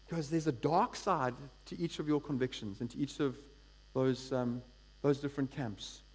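A man preaching a sermon in an energetic, conversational way, often checking in with the congregation. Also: medium pitch, normal speed. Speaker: pastor.

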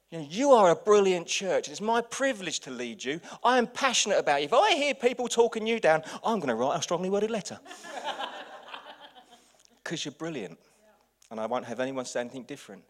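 A man, a pastor, preaching a lively sermon full of anecdotes, dropping to quiet asides and then rising to loud outbursts. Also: on the high side.

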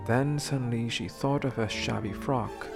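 A man reads a fairy tale aloud, measured and expressive, in a mid-pitched voice with a gravelly edge. Music plays clearly behind him. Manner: measured, expressive storybook reading. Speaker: storyteller.

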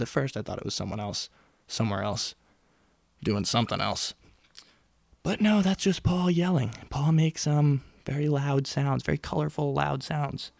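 A man's voice: medium pitch, gravelly, a little mellow, no room sound. A young man hosting a solo podcast in a casual, rambling, self-mocking way, close to the mic. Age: young adult. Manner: rambling, self-mocking, jokey, with sudden whispers and put-on voices. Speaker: podcast host. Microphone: studio mic close up.

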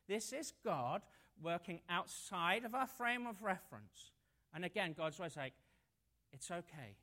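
This is a preacher in the middle of a sermon. The telling is lively and story-driven, with light jokes worked in between the serious points, and the voice sits at a middling pitch.

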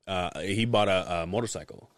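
A man's voice: deep voice, normal speed, fairly bright tone, no echo. A man co-hosting a podcast, laid-back and profane, laughing often as he tells stories. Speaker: podcast co-host. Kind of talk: casual chat.

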